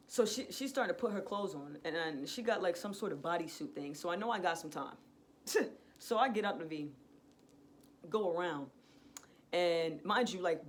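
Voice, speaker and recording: A young adult woman vlogger in a casual storytime, retelling events in a profane, slangy, animated way. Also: medium pitch, a little hiss or hum.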